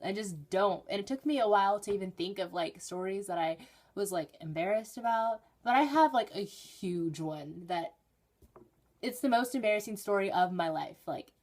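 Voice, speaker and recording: A woman's voice: medium pitch, moderate pace. Chatty teenage girl vlogging from her bedroom. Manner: chatty, rambling, with bursts of excited emphasis. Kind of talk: casual storytelling vlog.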